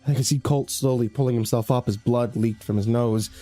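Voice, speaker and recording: A man tells a first-person horror story in a measured, grim voice. His tone is dark and mellow, with faint music playing under the narration. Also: mid-range voice, fairly even intonation.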